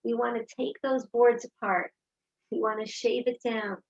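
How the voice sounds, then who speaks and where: Woman speaker, husky and fairly high, lively storyteller, dull lo-fi sound. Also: moderate pace. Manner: animated storyteller acting out dialogue. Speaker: speaker giving a Torah talk. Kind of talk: inspirational talk with personal stories. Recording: dull lo-fi recording.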